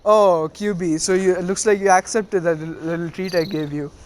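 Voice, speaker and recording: A man's voice: high voice, fairly even intonation, brisk, natural voice. Cheeky young ninja boy, guy doing the voice, teasing and easygoing, lightish voice.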